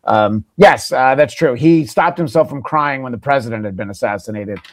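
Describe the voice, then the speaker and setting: A man's voice: mid-range voice, normal speed, no echo. A man hosting a podcast, sarcastically mocking news clips, laughing often between stumbling fillers. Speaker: podcast host.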